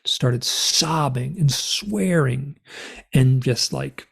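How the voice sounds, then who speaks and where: Gravelly, husky man telling a story. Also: drawn-out words. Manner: animated, acts out remembered dialogue with big pitch swings. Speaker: interview guest. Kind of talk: personal storytelling in conversation.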